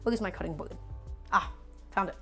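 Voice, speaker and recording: A woman's voice: medium pitch, brisk, pushed and bright, soft background music. A young woman chatting casually as she cooks live in her home kitchen, answering viewers' questions with a playful, joking manner. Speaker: cooking streamer. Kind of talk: casual live-stream cooking chat.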